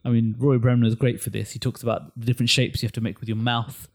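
A man co-hosting a casual film chat, opinionated and animated, often restarting his words. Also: medium pitch, fast.

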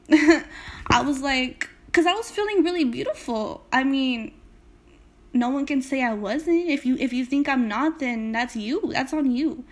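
A woman's voice: high voice, measured pace. A young woman from California hosting a casual motivational podcast, talking straight to her listeners with emphatic, swear-laced storytelling. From Salinas, California. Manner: emphatic, swears freely, speaks directly to listeners. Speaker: podcast host.

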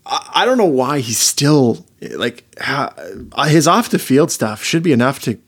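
A man's voice: mid-range voice, very animated, a little slow, husky. A wry man riffing on football with his co-host, drifting into jokes and tangents as he weighs his options. His talk is loose and conversational. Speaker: podcast host. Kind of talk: casual sports chat.

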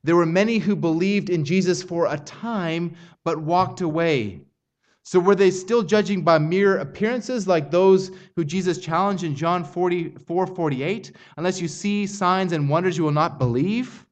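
A man's voice: high-pitched, unhurried. Earnest man preaching a sermon. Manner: earnest expository preaching, rising intensity on quoted lines. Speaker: pastor.

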